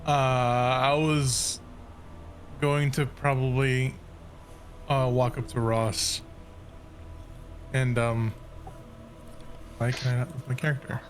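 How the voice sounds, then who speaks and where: A man's voice: mid-range voice, little pitch movement, takes it slowly, long pauses, slight background noise. A man playing in a tabletop game, speaking casually and hesitantly with many fillers. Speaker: player.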